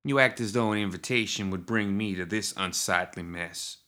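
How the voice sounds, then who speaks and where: A man voicing a huge horned monstrous woman with a very deep, smoky voice, ladylike and dry. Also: sharp tone. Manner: slow, dry and prim.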